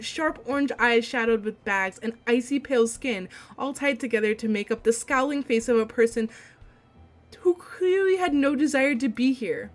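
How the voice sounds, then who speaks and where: A woman streamer reading a visual novel aloud, breaking into gushing, excitable outbursts. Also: fairly high pitch, normal speed.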